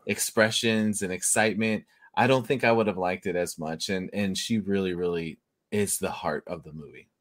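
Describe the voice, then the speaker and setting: A man's voice: low-pitched, steady tone, normal speed, a bit bright. A man speaking earnestly and emphatically in a casual movie review chat. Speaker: podcast guest.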